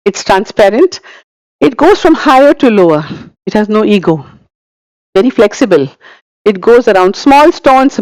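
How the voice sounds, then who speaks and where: A woman's voice: medium pitch, no echo, rough recording. Indian woman telling stories at a podium. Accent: Indian English. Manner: warm storytelling, repeats words for emphasis. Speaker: conference speaker. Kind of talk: conference talk. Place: conference hall.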